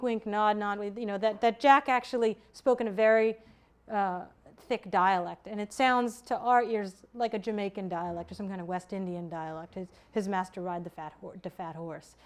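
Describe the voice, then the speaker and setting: A woman historian giving an academic lecture, thoughtful and explanatory, often restarting and correcting herself mid-sentence. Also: fairly high pitch. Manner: halting, self-correcting, many restarts.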